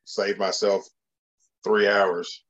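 A man's voice: on the low side, little pitch movement, slow, a bit bright, slightly rough, muffled recording. A man co-hosting a casual podcast, making wry joking asides. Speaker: podcast co-host. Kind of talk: casual watch-along chat.

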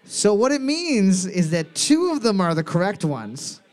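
A man's voice: sits high, very animated, a little slow, darkish tone. A man hosting a casual trivia game with a friend, reading questions out with emphasis and joking around. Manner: jokey, laughs often, reads questions out with emphasis. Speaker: quiz host.

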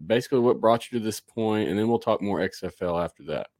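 Low-voiced man hosting a casual podcast. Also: quick pace, a little mellow, dry recording, studio quality. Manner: rambling, loose, with fillers and restarts. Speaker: podcast host. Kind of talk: casual live podcast chat.

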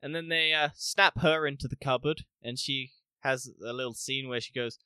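A man co-hosting a casual podcast review, animated, acting out scenes and laughing often. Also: medium pitch, normal speed, few pauses, clean tone, no room sound. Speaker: podcast co-host. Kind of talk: casual spoiler review chat.

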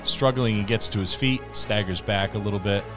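A man leads a tabletop game, narrating the action in vivid detail. His voice is somewhat low, with music playing behind him. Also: a little fast. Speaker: game master.

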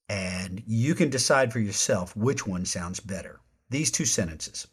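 A man's voice: mid-range voice, slightly rough. A man hosting a podcast, delivering an emphatic monologue and shifting his tone for effect. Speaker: podcast host.

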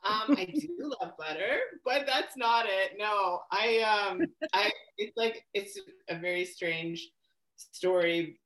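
A woman's voice: mid-range voice, big pitch swings, slow, a bit bright, roomy sound, poor audio. A woman being interviewed as a podcast guest, answering casually and hesitantly with many fillers. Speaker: podcast guest, strength athlete.

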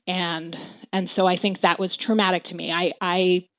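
Soft-spoken woman in her forties, dry close sound. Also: fairly low pitch, flat delivery, dry recording. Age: 40s. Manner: halting, soft-spoken, many fillers and restarts. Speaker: guest. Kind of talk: candid personal storytelling.

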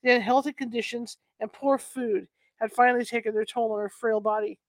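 A woman reads a nonfiction history book aloud in a somewhat high voice, pausing to fix her stumbles and toss in casual remarks. Her allergies are bothering her. The sound is close and dry, with no room echo. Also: steady tone. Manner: stumbles and corrects herself with chatty asides.

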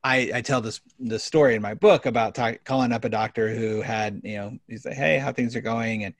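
A man hosting a business podcast interview, talking in an energetic, animated way and telling stories. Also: fairly low pitch, fairly quick, dry recording. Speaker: podcast host.

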